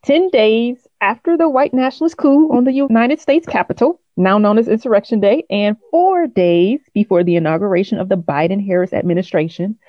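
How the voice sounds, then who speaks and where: A woman's voice: mid-range voice, brisk, hardly any pauses, no room sound, muffled recording. A woman co-hosting a podcast, chatting casually, encouraging and amused, laughing along. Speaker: podcast co-host. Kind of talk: casual chat.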